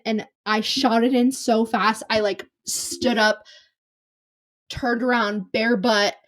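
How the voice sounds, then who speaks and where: A young woman hosting a podcast, telling a long embarrassing story in a rambling, self-deprecating way full of fillers. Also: on the high side. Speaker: podcast host. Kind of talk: casual storytelling monologue.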